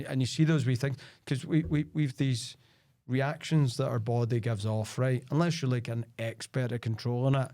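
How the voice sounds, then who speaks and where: A middle-aged Scottish sales expert, guesting on a casual podcast, spins chatty stories sprinkled with "like" and "right?". His medium-pitched voice has a dark tone, recorded cleanly in a studio with no echo.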